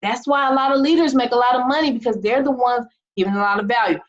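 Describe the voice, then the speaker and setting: A woman's voice: on the high side, fast, muffled recording. A woman coaching her team in an emphatic, fired-up motivational talk full of rhetorical questions. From United States. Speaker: team leader and business coach. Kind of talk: motivational talk to an online group.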